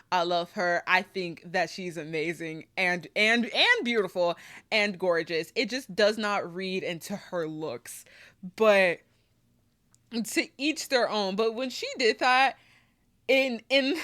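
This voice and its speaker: A woman's voice: medium pitch, a bit bright. A woman giving casual review commentary on a TV show, emphatic and repetitive, with lots of "like" fillers.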